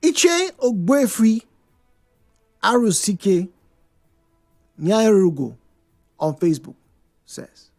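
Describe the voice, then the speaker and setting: Male radio host, lively and animated delivery, reads messages and comments. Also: high-pitched, unhurried, faint music behind. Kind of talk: radio phone-in talk show.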